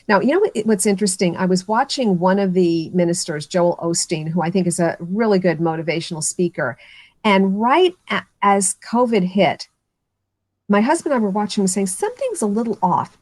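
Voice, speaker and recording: A woman speaking as a speech-coach guest on a video call, confident and clear, and animated when she tells a story. Her pitch is middle of the range. The sound is dry and close. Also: no echo. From United States. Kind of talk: casual video interview.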